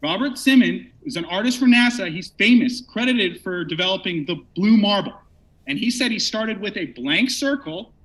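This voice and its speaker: A man's voice: sits high, expressive, normal speed, fairly bright tone. A man arguing heatedly in a debate, combative and mocking, often talking over his opponent.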